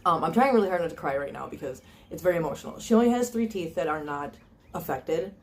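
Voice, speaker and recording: A woman with a low-sitting voice and lively intonation talks quickly in a casual vlog for her cat channel. Filming on her phone, she's chatty and earnest, peppering her speech with ums and restarts.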